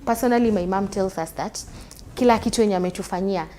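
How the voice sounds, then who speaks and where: Kenyan lady host, talks real quick, keeps asking unaona, average pitch. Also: dark tone. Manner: fast, tags sentences with "unaona?". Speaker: talk show host. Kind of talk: casual chat mixing Swahili and English.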